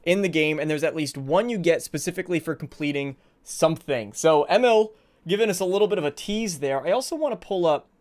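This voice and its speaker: A male streamer talking casually into a desk mic, a touch out of breath. His voice sits somewhat high for a man and comes through smooth and clear. He rambles warmly through greetings and setup. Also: expressive, a little fast. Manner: chatty, rambling, greets viewers by name. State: a little out of breath. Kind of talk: casual live stream chat.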